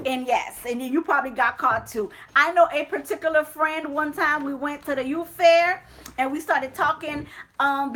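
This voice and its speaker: A woman hosting a casual chat, telling stories in an animated way with many fillers. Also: sits high. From Haitian family. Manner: animated storytelling, lots of fillers. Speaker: host.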